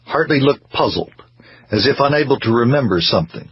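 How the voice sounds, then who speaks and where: Husky man reading a first-person story. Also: low-pitched, expressive, brisk. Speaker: audiobook narrator. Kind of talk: first-person audiobook narration. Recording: dry, muffled lo-fi recording.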